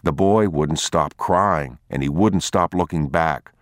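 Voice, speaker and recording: A man narrating a novel aloud in a measured, grave reading. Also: extremely low pitch, dry recording, studio quality. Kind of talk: audiobook narration.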